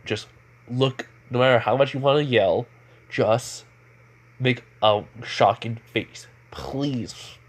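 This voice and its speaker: A man voicing a calm young male ninja hero in a fan-made story, in a plain, barely changed reading. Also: mid-range voice, slow.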